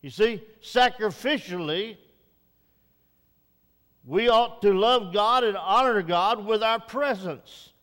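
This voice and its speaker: Older folksy preacher with a high voice. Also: male voice, takes it slowly, pauses often, fairly bright tone. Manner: folksy, rambling preacher who builds to emphatic exhortation. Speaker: pastor. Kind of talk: sermon. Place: church sanctuary. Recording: reverberant church hall.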